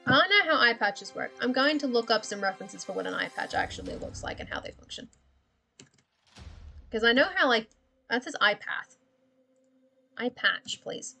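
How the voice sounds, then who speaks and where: A woman's voice: on the high side, expressive, moderate pace, vocal fry, pauses often, sharp tone, soft background music. A woman chatting casually on a livestream while she draws, rambling, thinking aloud and often giggling. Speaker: streamer.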